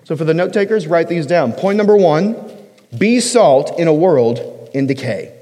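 A man preaches a sermon, talking to the room like a friend and tossing in joking asides. He stresses single words hard to make a point. His voice sits high, and it rings out with a long echo that fills the hall. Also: animated, moderate pace, warm tone. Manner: emphatic, punches single words. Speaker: pastor.

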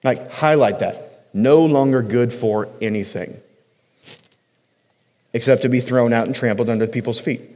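A man's voice: mid-range voice, measured pace, long pauses, mellow. A man preaching a sermon in a casual, joking style, hitting single words hard for emphasis. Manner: conversational preaching with joking asides. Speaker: pastor. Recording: long hall reverb.

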